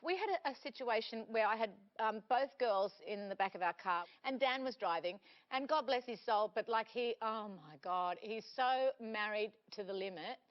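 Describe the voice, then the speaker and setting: An Australian woman in her forties, a comedic guest telling animated, laughing anecdotes on a TV panel show. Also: on the high side, moderate pace, few pauses. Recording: dull lo-fi TV audio.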